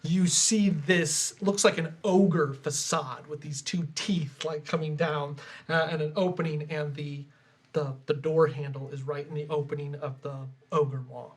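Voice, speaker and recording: A man's voice: on the high side, steady tone, measured pace, slightly rough. A man narrating a tabletop game as game master, describing scenes loosely with many fillers.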